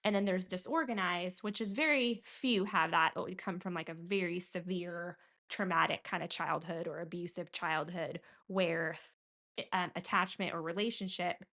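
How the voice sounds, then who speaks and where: A woman's voice: fairly low pitch, normal speed, fairly bright tone. A woman from California co-hosting a casual podcast conversation, explaining ideas earnestly and acting out quotes in a raised voice. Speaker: podcast co-host and coach.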